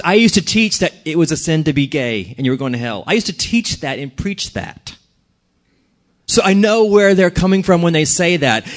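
A man pastoring his church, preaching in an earnest, conversational way and putting questions to the congregation. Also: fairly high pitch. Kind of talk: sermon.

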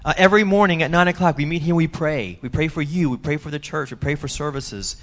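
Male pastor, somewhat high voice, emphatic storytelling sermon with loud and hushed swings. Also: fast. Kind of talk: sermon testimony. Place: church.

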